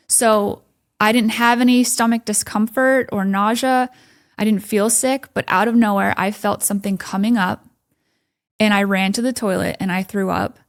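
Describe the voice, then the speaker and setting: A woman's voice: mid-range voice, gravelly. A woman giving a candid personal testimony as a podcast guest, quoting her own thoughts. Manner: candid storytelling with quoted inner thoughts and soft laughs.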